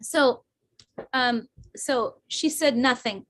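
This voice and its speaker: A Canadian-accented woman with a fairly high voice tells personal family stories in a warm, chatty way. She talks with plenty of fillers and restarts, and her energy lifts in enthusiastic bursts. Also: measured pace. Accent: Canadian English. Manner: bursts of enthusiastic, rising energy when describing her mother. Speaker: speaker at a women's community event. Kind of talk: personal storytelling talk.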